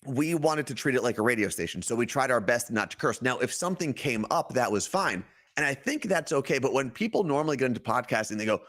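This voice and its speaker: A man's voice: mid-range voice, brisk. A middle-aged man from New Jersey with a New Jersey accent, co-hosting a casual podcast chat and acting out quotes as he tells stories. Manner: animated storytelling, acts out quotes. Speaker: podcast co-host.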